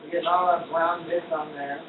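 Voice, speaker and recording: A high-pitched, chatty man hosting a live cooking stream. He jokes and rambles playfully while he cooks. The sound is thin and phone-like, caught from a distance in an echoey kitchen with steady noise behind. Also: brisk. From United States. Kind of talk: casual cooking-show chat. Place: kitchen indoors.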